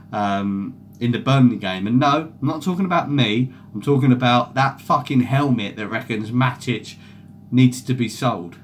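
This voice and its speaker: Young guy ranting about footy on a stream, swears constantly, reads chat out, bit of hiss behind. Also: mid-range voice. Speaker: football fan streamer. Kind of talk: casual live-stream chat.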